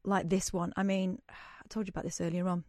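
Through a studio microphone with clean sound and no room noise, a female radio host talks casually and reads news items, slipping in jokes. Her voice is lowish and fairly flat in pitch, brisk, and a little mellow.

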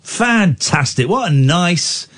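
A man's voice: high voice, expressive, slow, fairly bright tone. A man hosting late-night phone-in radio from a studio, playful and teasing with callers, laughing often.

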